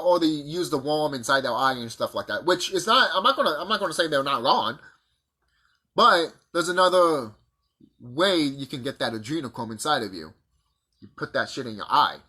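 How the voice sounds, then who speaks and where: A man delivering a profane, combative monologue full of rhetorical questions, with a husky voice. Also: high-pitched, big pitch swings, moderate pace, bright, forceful tone. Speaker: vlogger. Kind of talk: ranting monologue to camera.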